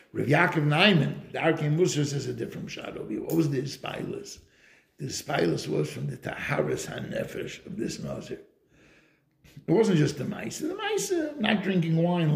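A man's voice: a little high, very animated, moderate pace, vocal fry, reverberant. A man giving a Torah lecture in English, weaving Hebrew and Yiddish terms into his storytelling. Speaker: Torah teacher.

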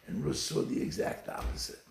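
A man's voice: brisk, roomy sound, a crowd in the background. A man giving a sermon, telling stories and acting out the quotes. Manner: animated storytelling with acted quotes. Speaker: rabbi.

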